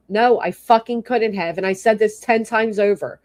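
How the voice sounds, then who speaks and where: A woman's voice: mid-range voice, fairly even intonation, moderate pace, a little mellow. A woman ranting angrily on her livestream, swearing often and stopping to thank people in her chat. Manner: angry, profane, exasperated; reads and thanks chat commenters. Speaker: YouTube livestreamer. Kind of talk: livestream rant.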